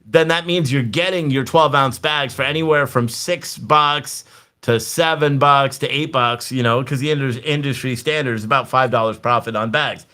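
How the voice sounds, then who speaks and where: Talking directly to his chat, a male political streamer delivers a chatty, profane rant. He speaks at a moderate pace with a medium-pitched voice that sounds pushed and bright.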